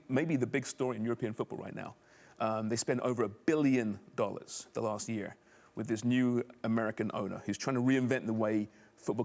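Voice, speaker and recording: A man's voice: medium pitch, gravelly, darkish tone. A man hosting a sports talk show, leading the panel with conversational questions. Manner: conversational, steers the discussion with questions. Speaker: host.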